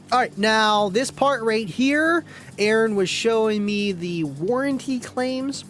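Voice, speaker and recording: A man with a noticeably high-pitched voice hosts a casual live stream in a rambling, chatty way. He reads viewer comments aloud and keeps clearing his throat. Faint music plays under his talk. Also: rough recording.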